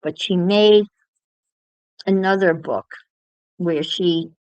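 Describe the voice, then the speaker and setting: A woman's voice: on the low side, takes it slowly, no echo, low-quality recording. A woman chatting casually to livestream viewers while she crafts, musing aloud as she works.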